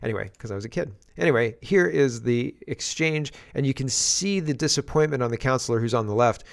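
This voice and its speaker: A man's voice: mid-range voice, brisk, creaky. A man hosting casual political commentary, sarcastic and exasperated, rambling through asides as he reacts to clips. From England.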